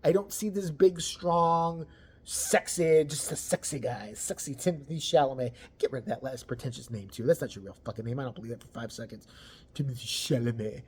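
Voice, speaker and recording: A person ranting about celebrity gossip, crude and mocking, swearing constantly and swinging between loud outbursts and low mutters. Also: brisk, husky. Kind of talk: profane ranting commentary.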